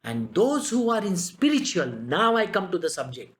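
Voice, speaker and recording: A man's voice: high-pitched, sing-song, moderate pace. A man giving a spiritual discourse as a teacher, telling stories and firing rhetorical questions at his listeners. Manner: emphatic, rhetorical questions, storytelling.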